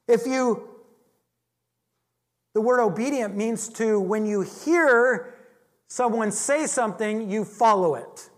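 A man's voice: extremely high pitch, slow. A man teaching a Bible lesson in a chatty, joking sermon style, often restarting his sentences. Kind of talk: conversational sermon.

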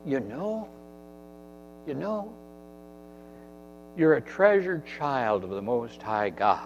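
A man preaches a sermon earnestly, repeating phrases for emphasis, in an expressive mid-range voice at a slow pace. A long reverb tail trails his words, and the recording sounds dull with a faint mains hum.

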